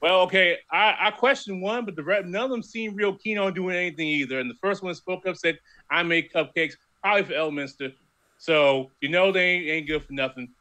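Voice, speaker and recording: A man's voice: high voice, a little fast, few pauses, sharp tone. A man playing a tabletop role-playing game, joking and rambling with lots of restarts. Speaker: player. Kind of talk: tabletop role-play banter.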